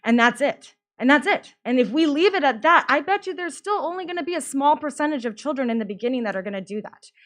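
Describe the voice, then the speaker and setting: A woman's voice: high voice, lively intonation, fast talker, few pauses, a bit bright. A woman making a practical, persuasive public comment at a school board meeting. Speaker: parent speaking at public comment.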